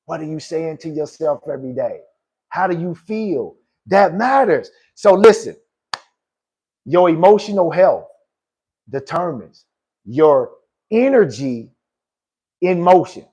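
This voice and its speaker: A man's voice: a little high, animated, takes it slowly, pauses often, mellow, breathy edge. A man hosting a motivational podcast, talking in a preachy way, repeating key lines for emphasis and calling his listeners "good people.". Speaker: podcast host and life coach.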